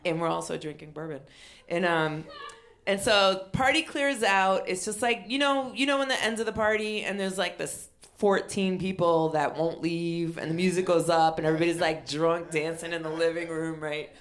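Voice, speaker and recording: A middle-aged woman comedian telling a funny story, animated and acting out other people with loud exclamations. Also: lowish voice, normal speed. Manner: animated, acts out quotes with shouted exclamations.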